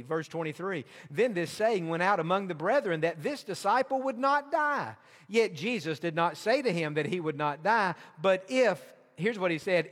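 A man preaching a sermon as pastor, reading scripture slowly and explaining it with emphatic repetition. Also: high-pitched, expressive, a bit bright, long reverb tail.

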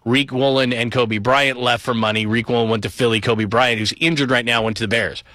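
Bright, dry-sounding male sports talker. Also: dry recording. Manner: fast, enthusiastic rundown of names and stats; animated, pitch rises on key points. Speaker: sports commentator. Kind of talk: solo sports talk commentary.

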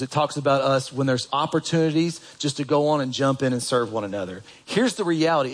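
A man's voice: medium pitch, poor audio. A man preaching a sermon in a church, chatty and direct, asking the congregation rhetorical questions and reading scripture aloud. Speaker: pastor.

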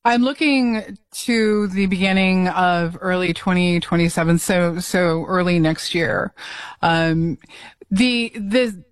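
Author lady on radio, kinda hesitant, lower voice, dry sound. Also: steady tone, slow pace, no room sound. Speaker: author guest. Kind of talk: radio interview.

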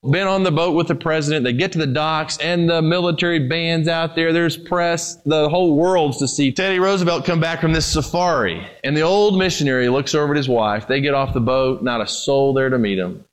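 Impassioned preaching man, fairly high voice. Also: a little fast, hardly any pauses. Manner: preaching, swinging from raised emphatic lines to low quiet ones; speaks to the congregation directly, with questions. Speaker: pastor. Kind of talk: sermon.

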